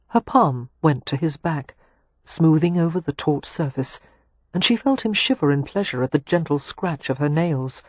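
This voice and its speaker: A male narrator reads a romance audiobook in a slow, intimate way. His voice sits a bit high and sounds husky. The recording is close and dry. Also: a little mellow, dry recording. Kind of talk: scripted narration.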